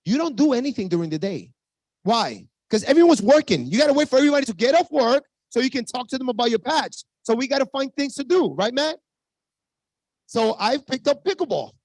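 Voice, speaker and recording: A man in his fifties with a Spanish-accented English, giving an energetic sales pitch to a team on a video call, hyped and full of asides to the audience. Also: fairly quick, no room sound. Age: 50s. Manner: hyped, talks straight to the audience, many asides. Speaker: network marketing presenter.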